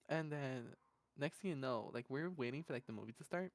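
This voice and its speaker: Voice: mid-range voice, mellow, dry recording. A podcast host telling a story in casual chat, rambling, laughing often, filling gaps with "da, da, da" and blunt slang.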